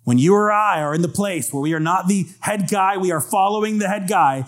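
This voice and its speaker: A man's voice: high voice, brisk, few pauses. A man preaching a sermon to a congregation, earnestly reading scripture aloud and calling for amens. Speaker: pastor. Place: church with congregation.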